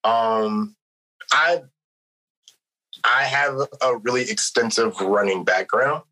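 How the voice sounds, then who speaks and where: A man guesting on a podcast, talking over his phone in soft-spoken, hesitant casual chat with many ums. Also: on the low side, takes it slowly, poor audio. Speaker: podcast guest, run club co-founder.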